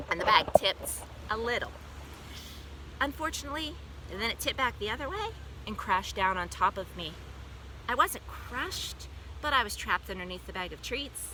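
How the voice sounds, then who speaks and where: A woman's voice: medium pitch, bright, forceful tone, a little hiss or hum, rough recording. A woman reading a children's book aloud in first person, playful and full of exclamations. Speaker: storyteller.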